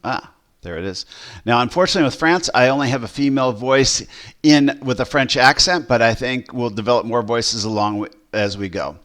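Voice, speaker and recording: Casting: pastor, mid-pitched man, loose demo talk, lots of um and restarts. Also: brisk, fairly bright tone. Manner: rambling with fillers and restarts. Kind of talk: casual software demo.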